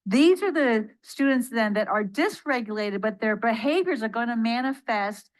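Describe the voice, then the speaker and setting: A woman's voice: on the high side, lively intonation, normal speed, low-quality recording. A woman giving a spoken training lecture to educators, asking the audience questions and answering them herself, and acting out quoted speech. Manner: acts out quoted speech in changing voices. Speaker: trainer leading an accredited course for educators.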